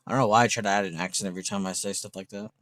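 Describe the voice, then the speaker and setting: Laid-back low-voiced man hosting a livestream. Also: steady tone, racing, a bit bright, dry recording. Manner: loose, joking, swears casually, laughs at his own jokes. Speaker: livestream host. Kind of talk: casual livestream chat reading viewer comments.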